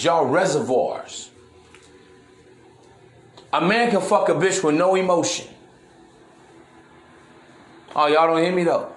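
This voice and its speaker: A man's voice: on the high side, reverberant. A man hosting a podcast in a brash, preachy monologue, full of slang and swearing. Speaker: podcast host. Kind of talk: casual monologue.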